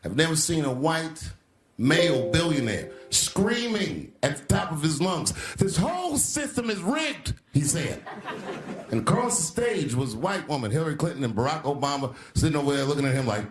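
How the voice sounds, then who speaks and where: Male stand-up comic, middle pitch, very animated delivery, echoing theater with faint ambience. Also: a little fast. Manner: conversational storytelling, acting out other voices. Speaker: stand-up comedian. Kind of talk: stand-up comedy set. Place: theater stage. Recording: live show in a large hall, faint ambience.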